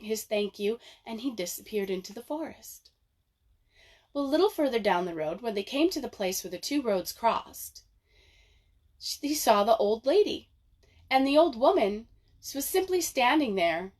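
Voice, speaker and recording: A woman telling a folk tale aloud to children in an expressive, dramatic way. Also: a little high. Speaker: librarian storyteller. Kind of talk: children's storytelling.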